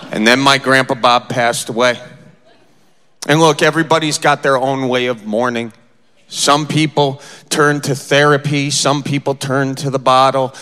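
A man's voice: mid-range voice, fairly even intonation, moderate pace, bright, forceful tone, clean tone. A man from the American Midwest doing a playful stand-up set on a theater stage, telling family stories and acting out his grandparents. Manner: storytelling, playful, acts out family members. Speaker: stand-up comedian. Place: theater stage with live audience.

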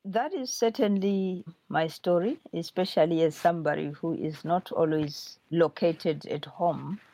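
Thoughtful low-voiced woman author. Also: warm tone, dry recording. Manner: thoughtful, slow, with restarts. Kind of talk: reading and answering questions.

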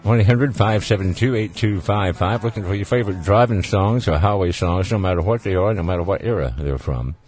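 A man's voice: low voice, fairly quick, hardly any pauses, a little mellow, faint music behind. A man with a Southern accent hosting a call-in radio show, chatting in an easygoing, folksy way. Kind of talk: casual call-in radio chat.

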